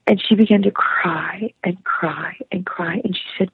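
A woman tells a heartfelt story in an interview and acts out each voice in it with lively feeling. Her voice has a gravelly edge. It comes through a tinny, phone-like line with no room sound. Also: fairly low pitch, measured pace, hardly any pauses, no echo. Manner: emotive, acts out quoted voices, laughs often. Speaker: actress and singer, podcast guest.

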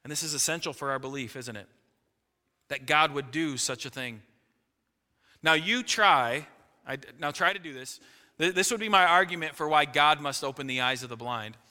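Bright-voiced male pastor preaching in a hall. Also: moderate pace. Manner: emphatic preaching, rising to loud peaks then dropping low. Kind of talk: sermon.

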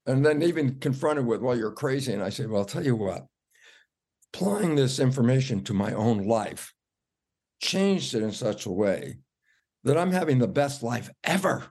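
Older male guest, an animated storyteller who acts out his quotes. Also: mid-range voice, moderate pace, breathy edge. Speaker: guest, cell biologist. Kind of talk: storytelling in an interview.

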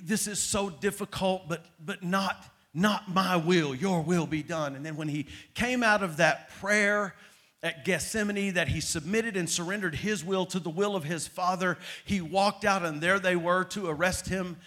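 A man preaching a sermon, moving between hushed passages and loud, dramatic build-ups. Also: high voice, a little slow. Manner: dramatic, swings from soft to loud.

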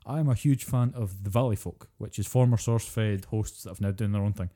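A man's voice: fairly low pitch, brisk, mellow. A Scottish man co-hosting a podcast, chatting casually and ranting with plenty of swearing. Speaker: podcast co-host.

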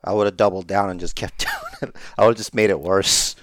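Lively, teasing male podcast host. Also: lowish voice, brisk, dry recording. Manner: jokey, teasing, animated. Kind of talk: casual podcast banter.

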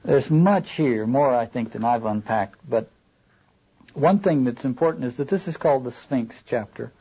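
A man lecturing on a novel in a thoughtful, halting way, often stopping to read passages aloud, on a dull lo-fi recording. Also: medium pitch, animated, dark tone, husky. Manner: thoughtful, halting, rereads quoted lines aloud. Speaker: literature lecturer.

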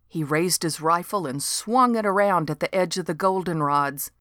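Woman narrator, wry storybook reading, lowish voice, dry close sound. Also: moderate pace, few pauses, a bit bright, dry recording.

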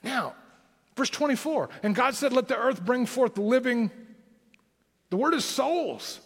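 A man's voice: very high voice, animated, unhurried, husky, big-room sound. A man with a Southern Tennessee accent preaching a sermon as pastor, with emphatic rising lines.

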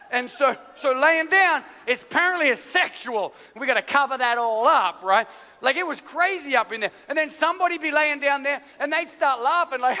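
A male pastor delivers a lively sermon in a very high, sharp, bright voice. He tells stories and acts out voices along the way. The sound rings with the long reverb of a large church hall. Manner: animated storytelling with acted-out voices.

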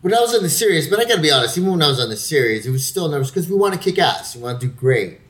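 Man, working actor, casual chat, lively swinging pitch, profane storyteller. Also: rapid-fire.

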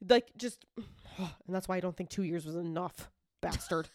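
A woman co-hosting a true crime podcast, talking fast and heatedly, swearing often and acting out what people said. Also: lowish voice, darkish tone, dry recording, clean studio sound. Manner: heated, swears a lot, acts out quotes. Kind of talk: casual chat.

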